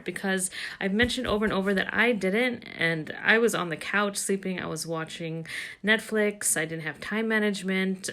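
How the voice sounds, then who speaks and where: A woman's voice: mid-range voice, fairly bright tone. A middle-aged woman coaching mothers, talking casually to camera and retelling a conversation with many fillers.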